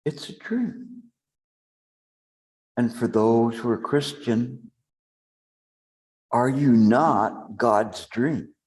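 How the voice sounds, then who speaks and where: A male meditation teacher delivering a dharma talk with a mellow, dark voice. He speaks very slowly and with deliberate pauses, letting each phrase settle before moving on. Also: medium pitch. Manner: slow, deliberate, with long pauses.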